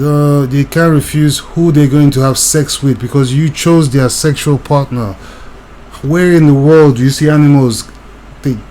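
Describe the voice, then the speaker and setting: A young man talks in a blunt, rambling monologue, circling back over his points with plenty of filler words. His voice sits at an ordinary middle pitch. A faint noise hangs behind him. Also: mellow. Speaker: channel host. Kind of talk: casual monologue commentary.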